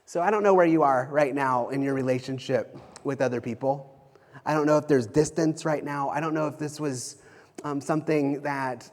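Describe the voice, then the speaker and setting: A man in his thirties preaching a sermon as a pastor, talking conversationally with frequent restarts and repeated phrases. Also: fairly high pitch. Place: church sanctuary. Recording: long hall reverb.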